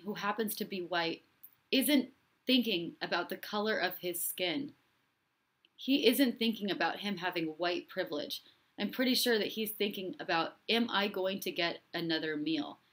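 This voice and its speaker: A woman's voice: mid-range voice, normal speed, fairly bright tone. A woman hosting a live stream, speaking in an impassioned and repetitive way and reading out viewer comments. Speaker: host and relationship coach.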